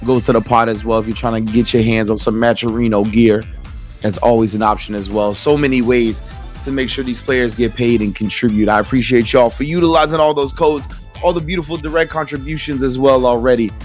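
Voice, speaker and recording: An American man at a mid pitch calls fighting game action in a relaxed, laughing way, slipping into slang. Faint music sits behind his voice. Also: a little fast. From United States. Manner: laid-back, laughing play-by-play. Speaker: esports commentator. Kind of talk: casual esports commentary.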